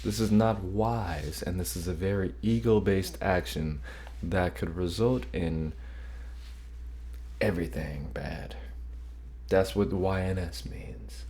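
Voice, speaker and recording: A man's voice: low-pitched, takes it slowly, long pauses, a little mellow. A man hosting a reaction video, making loose, profane, joking asides between clips. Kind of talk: casual reaction commentary.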